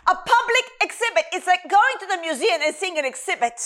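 A woman's voice: very high-pitched, sing-song, brisk, pushed and bright. A woman preaching a Bible teaching sermon, emphatic and repeating phrases for stress.

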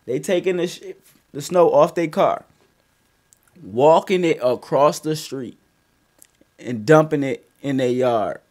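A man casually telling a story on a podcast, profane and animated, with loud bursts as he acts it out. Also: a little high, takes it slowly, long pauses.

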